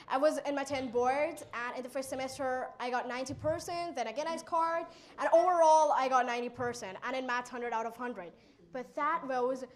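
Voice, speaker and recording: A teenage girl from India with an Indian English accent, telling her life story as a motivational speaker and acting out what people said. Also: high voice. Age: teen. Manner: animated, acts out quoted exchanges.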